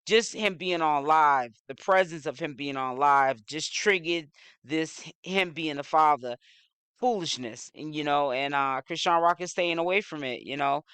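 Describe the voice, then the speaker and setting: A man talks through celebrity news in a loose, rambling way, filling gaps with "you know." His voice is bright and very clear. The sound is dry and close, with no room around it. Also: a little high, moderate pace, dry recording. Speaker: social media news commentator. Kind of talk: casual commentary.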